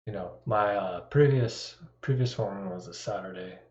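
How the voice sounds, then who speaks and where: Rambling lower-voiced male streamer, echoey. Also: normal speed, darkish tone. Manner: rambling, self-deprecating, chuckling asides. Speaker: live streamer. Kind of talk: casual live-stream chat. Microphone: desktop microphone. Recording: echoey, dull lo-fi sound.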